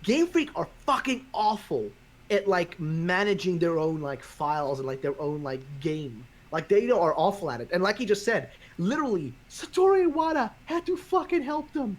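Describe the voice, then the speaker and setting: A man's voice: high voice, moderate pace. A man hosting a podcast in casual chat, ranting with lots of swearing. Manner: profane, ranting, animated. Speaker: podcast host.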